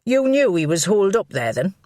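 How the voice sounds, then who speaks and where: A woman's voice: medium pitch, sing-song, brisk, darkish tone, no room sound, voice pushed up, natural voice. A woman reading an audiobook, voicing a shrewd middle-aged police inspector with a dry, needling way of talking. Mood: probing. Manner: dry, needling and mock-innocent. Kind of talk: audiobook character voice.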